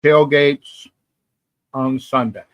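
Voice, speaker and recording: A man's voice: medium pitch, flat delivery, extremely slow, dry recording, highs cut off. A man hosting a live sports talk stream, chatting casually and reading viewer comments, rambling and often repeating himself. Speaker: sports talk livestream host.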